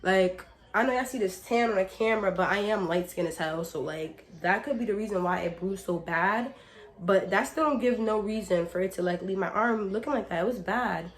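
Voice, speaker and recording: A young woman vlogger telling a casual storytime. She sounds slightly hoarse from a cold, talks chattily, swears freely, and fills her speech with "like" while speaking straight to her viewers as y'all. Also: mid-range voice, normal speed. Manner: addresses viewers directly as y'all.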